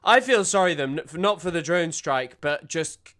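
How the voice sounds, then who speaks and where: A man streaming casual reaction commentary. He has a bright, clear voice pitched fairly high, and his manner is sardonic and quick to react. He is close on a desk mic. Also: lively intonation. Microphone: desk microphone.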